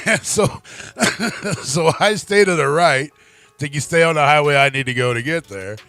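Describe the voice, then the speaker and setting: A man's voice: a little high, a little slow, dry recording. Raised-voice male host, profane and amused, for a casual talk-show story. Dry, close recording with faint music in the background. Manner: profane, laughing, animated storytelling. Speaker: podcast host.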